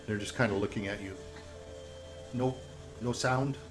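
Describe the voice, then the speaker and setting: A man's voice: on the low side, fairly even intonation, measured pace, over music, rough recording. A man narrating as game master, telling the scene in a loose, rambling way with many fillers.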